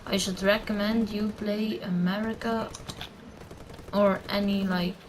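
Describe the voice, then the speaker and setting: Teen girl slowly rambling game tips, lots of uhs and restarts, faint hiss and keyboard clacks behind. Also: mid-range voice, steady tone. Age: teen, under eighteen. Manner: rambling, many fillers and self-corrections. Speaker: gamer giving tips. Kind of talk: casual gameplay commentary.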